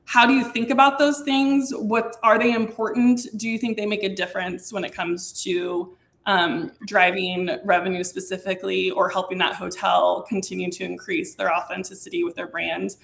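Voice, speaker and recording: Woman host, mid-pitched, chatty moderator on a video-call panel. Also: level tone, moderate pace, creaky, a bit bright. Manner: conversational, asks open questions. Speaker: webinar moderator from the hotel side. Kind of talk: webinar panel discussion.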